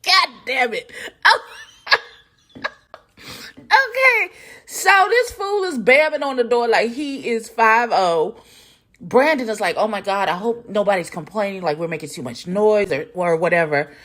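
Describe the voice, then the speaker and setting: A woman, commenting loudly and profanely as she reacts to a reality show. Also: mid-range voice, unhurried. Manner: loud, profane, animated, talks back at the screen. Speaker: reaction video host.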